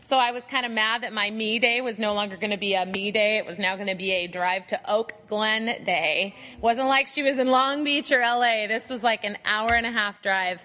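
A woman's voice: medium pitch, moderate pace, few pauses, long reverb tail. A woman in her thirties or forties telling a funny personal story to a Bible study group, acting out her own grumbling and asides. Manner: animated, self-mocking storytelling with acted-out asides.

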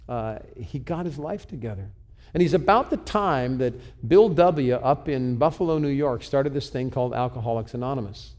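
A man's voice: medium pitch, warm tone. A man in his sixties, a pastor telling personal stories in a sermon, earnest and confessional, often restarting his words. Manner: earnest, confessional, with frequent stumbles and repeats. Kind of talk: sermon storytelling.

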